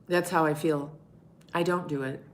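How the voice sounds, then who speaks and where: A middle-aged woman with a notably low, deep voice chats casually on a live stream. She talks in a candid, meandering way, answering viewers one by one and dropping curse words without a second thought. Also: steady tone, moderate pace, a little hiss or hum. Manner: candid, rambling, swears freely. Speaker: livestream host answering chat.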